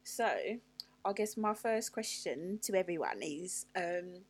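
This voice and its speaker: A woman's voice: fairly low pitch, slow, husky. A woman hosting a podcast chat, talking loosely with lots of fillers and asides. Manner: conversational, full of fillers and asides. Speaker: podcast host. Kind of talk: casual chat.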